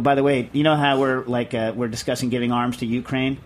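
A man hosting a radio talk show in casual, animated, jokey chat with quick quips. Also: medium pitch. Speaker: radio host.

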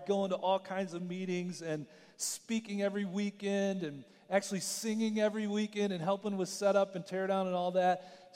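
Conversational pastor in a reverberant hall. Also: male voice, high voice, a little mellow, clear, resonant tone. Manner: conversational storytelling, asks the audience questions. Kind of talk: sermon.

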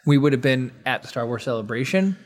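A man's voice: medium pitch, lively intonation, fast. A man co-hosting a casual studio podcast, rambling and restarting, often laughing. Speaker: podcast co-host. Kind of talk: casual chat.

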